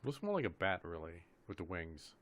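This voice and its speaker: A man playing a tabletop game, thinking through rules aloud with hesitant pauses. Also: low voice, very animated, fairly bright tone. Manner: thoughtful, hesitant, rules-minded. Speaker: player. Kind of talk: casual tabletop game chat.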